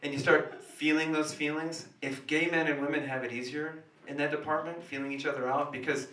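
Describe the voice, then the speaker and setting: A man performing a stand-up comedy monologue in a small café, telling an animated story that swings between hushed asides and sudden loud outbursts. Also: on the high side, a little fast. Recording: roomy café sound from a distant camera.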